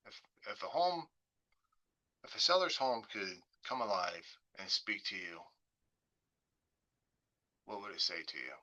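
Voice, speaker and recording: A man, a real estate agent, hosting a webinar and leading listeners through a slow, coaxing guided visualization. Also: on the low side, very animated, pushed and bright, dull audio. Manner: slow, coaxing, imaginative storytelling.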